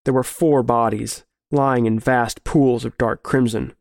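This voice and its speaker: A man narrating a grim story in a measured, serious way. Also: medium pitch, steady tone, vocal fry, darkish tone, no room sound, studio quality. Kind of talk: scripted horror story narration.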